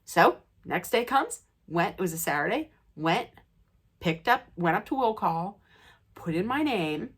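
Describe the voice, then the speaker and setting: A woman vlogger telling an anecdote in an animated, excitable way. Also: lowish voice, measured pace, slightly rough. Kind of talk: storytelling anecdote.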